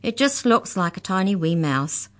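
A woman's voice: on the low side, big pitch swings, moderate pace, fairly bright tone, pitched above the performer's own voice. A woman reading aloud voices a tiny, frightened girl trapped in a cage, who stammers and pleads. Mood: pleading.

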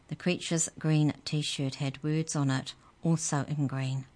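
A woman reads a children's story aloud with slow, expressive narration. Her voice is low and unhurried.

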